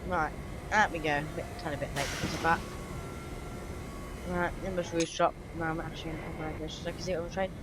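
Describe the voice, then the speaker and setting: A woman, a little low-pitched, talking through a game with loose, self-correcting chatter and quick exclamations. A steady rumble of train engine noise runs underneath her voice. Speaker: channel host. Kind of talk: live game commentary.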